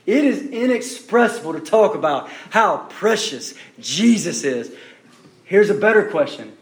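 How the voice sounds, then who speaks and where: A man preaching a sermon, emphatic and repeating his phrases, dropping to hushed questions to the listeners. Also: high voice. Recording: echoey room.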